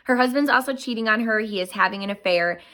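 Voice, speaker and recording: Young female book vlogger, bright gushing delivery, slightly breathless, casual and excitable. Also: medium pitch, fast. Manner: gushing, enthusiastic, exclamatory. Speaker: book reviewer.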